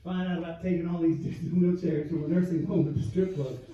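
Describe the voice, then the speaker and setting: A man's voice: on the high side, fairly even intonation, quick pace, dark tone, far from the mic, muffled recording, slight background noise. A man telling crude stories on stage, laughing at his own jokes. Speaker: stand-up comedian. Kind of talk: stand-up storytelling. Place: live comedy club. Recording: echoey club heard from afar.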